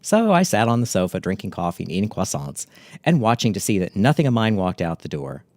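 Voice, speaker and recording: A middle-aged man telling a memoir story in a wry, catty, deadpan way. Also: on the low side, brisk, no room sound.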